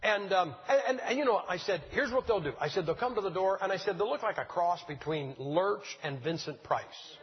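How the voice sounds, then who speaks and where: Raspy high-voiced older preacher. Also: male voice, lively intonation, normal speed, hardly any pauses. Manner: folksy, joking, fires rhetorical questions at the crowd. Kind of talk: sermon. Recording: dull lo-fi sound, long church-hall reverb.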